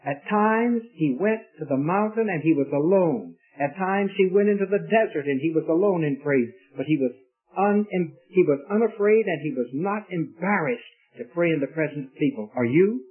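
A man preaching with a high, earnest voice, pressing his questions on the congregation. The sound is thin and tinny, like an old radio broadcast. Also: lively intonation, moderate pace, slightly rough. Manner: earnest, emphatic, questioning the listeners. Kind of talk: sermon.

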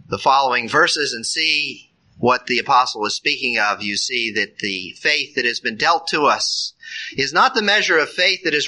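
A man's voice: medium pitch, sharp tone, poor audio. A man preaching a sermon in an earnest, emphatic way, rising sharply on key phrases.

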